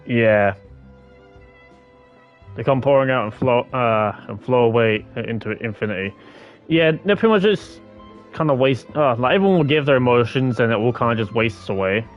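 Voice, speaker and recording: A man's voice: mid-range voice, moderate pace, highs cut off, faint music behind. Casual rambling young gamer man. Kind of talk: casual game commentary.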